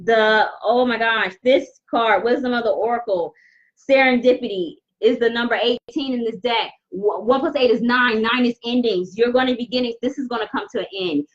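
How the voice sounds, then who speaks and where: A woman hosting a live intuitive tarot reading, talking straight to viewers in an earnest, halting way full of restarts. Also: on the high side, highs cut off. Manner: halting, repetitive, with many restarts; earnest, addresses viewers directly. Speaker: tarot reader and host.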